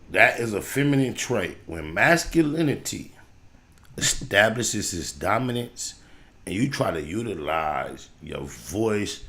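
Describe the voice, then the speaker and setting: A man hosting a livestream, reacting to a video in casual commentary, animated and preachy, going from loud hype to low lecturing.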